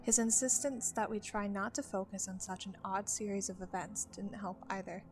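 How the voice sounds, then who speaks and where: A woman narrating a first-person tale in a steady, measured reading voice. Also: mid-range voice, faint music behind. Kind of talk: storytelling narration.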